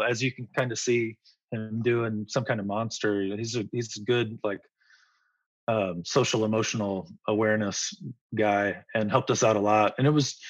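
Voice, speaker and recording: A man's voice: medium pitch, fairly bright tone, dry recording. Rambling, enthusiastic man with a dull, dry sound. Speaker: musician guest. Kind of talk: casual interview.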